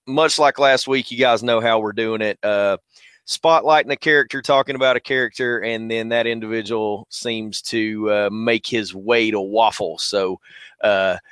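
A Southern-accented podcast host greets his livestream viewers by name, talking laid-back and full of slang into a headset. His voice is fairly low and steady, his pace moderate, and the audio is clean with no echo.

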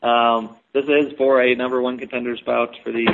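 A man hosting a casual sports podcast, chatty and quick, laughing often. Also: medium pitch, little pitch movement, vocal fry, phone-quality sound, noisy background. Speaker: podcast host.

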